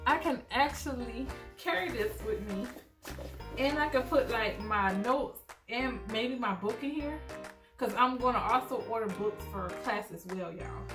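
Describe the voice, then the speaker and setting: A young woman chatting excitedly to her viewers in a casual home vlog, often calling them y'all. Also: on the high side, measured pace. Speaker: vlogger. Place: at home, in pajamas. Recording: echoey room with loud music behind.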